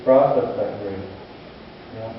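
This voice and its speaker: A pastor and hospital chaplain preaching a sermon, telling stories slowly and earnestly with dramatic pauses. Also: male voice, fairly low pitch, a little hiss or hum. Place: church sanctuary. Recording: distant, echoey church hall, muffled.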